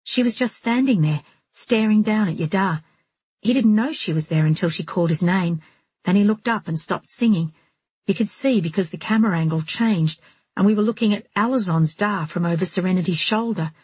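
A woman's voice: mid-range voice, brisk, darkish tone, slightly rough, no echo. A woman voicing a shaken young woman who recounts events intently in an audiobook.

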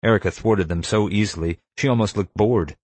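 Man, deep voice, audiobook narration, wry, measured, dry close sound. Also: darkish tone, breathy edge, no room sound.

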